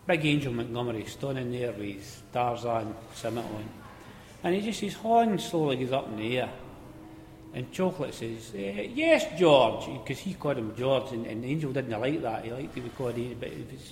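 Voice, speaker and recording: A man with a Scottish accent telling an old mining anecdote in a relaxed, conversational way. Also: mid-range voice, brisk, a little hiss or hum. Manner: conversational, relaxed, repeats words as he goes. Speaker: storyteller. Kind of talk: spoken anecdote of mining days. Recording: echoey hall with faint ambience.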